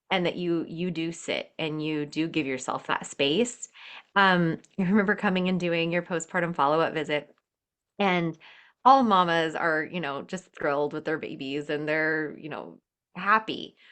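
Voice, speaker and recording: A woman's voice: lowish voice, fairly bright tone. A woman podcast host who works with new mothers, speaking in an affirming way and turning to address listeners directly. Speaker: podcast host and birth worker. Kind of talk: casual interview chat.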